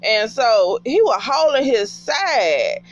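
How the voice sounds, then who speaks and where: A woman giving a casual TV episode recap in an animated, profane way and talking back to the characters. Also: on the high side, slow, muffled recording.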